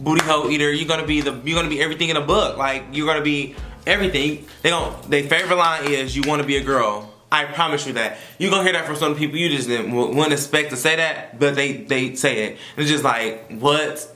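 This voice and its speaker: A man's voice: fairly high pitch, fast talker, bright, forceful tone, roomy sound, faint music behind. A young man, a college freshman, giving sassy, slangy advice in a casual vlog. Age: young adult. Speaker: vlogger.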